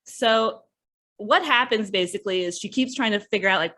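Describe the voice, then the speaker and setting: A woman hosts a relaxed book review chat. She talks freely and often drops into quoted lines from the characters as she tells the plot. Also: medium pitch, normal speed. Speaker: podcast host reviewing books.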